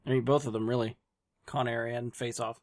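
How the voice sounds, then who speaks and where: A man chatting casually as a podcast guest about movies, easygoing and quick to agree. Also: mid-range voice, level tone, very noisy.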